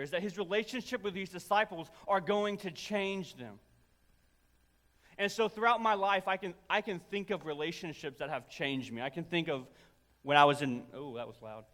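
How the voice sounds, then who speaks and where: A young man preaching a sermon, telling personal stories in an animated, self-deprecating way to his congregation. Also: high-pitched. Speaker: pastor. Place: large church auditorium. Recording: church hall with long reverb.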